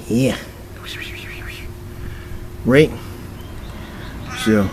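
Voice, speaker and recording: This cat owner talks low and slow, leaving long pauses, his tone on the dark side. At home by his old car, he coaxes his cats on camera between rambling tangents and offhand curses, over slight background noise.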